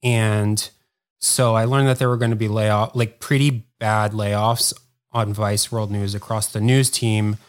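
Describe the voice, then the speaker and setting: Low-pitched male podcast guest, rambling casual storyteller. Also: little pitch movement. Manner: rambling, heavy use of "like", quick bursts. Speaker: podcast guest, former editor.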